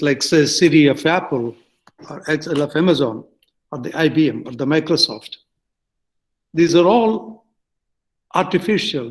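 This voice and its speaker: Older Indian man, Indian English accent, slightly high voice, slow, halting lecture delivery full of fillers and self-corrections. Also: rough recording. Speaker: guest speaker. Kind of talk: lecture-style talk.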